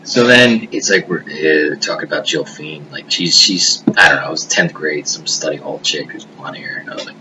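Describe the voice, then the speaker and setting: A man recorded on a webcam at home, telling a long, rambling personal story full of swearing that often drops into hushed murmurs. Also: rumbling low, expressive, normal speed, hardly any pauses. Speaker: vlogger. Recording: noisy hiss behind the voice.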